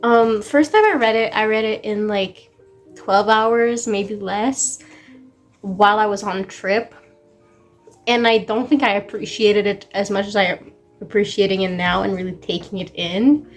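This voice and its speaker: A woman chatting casually in a reading vlog, gushing excitedly and peppering her talk with "like.". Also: mid-range voice, a little slow, faint music behind. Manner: gushing, excited, heavy use of "like". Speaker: book vlogger.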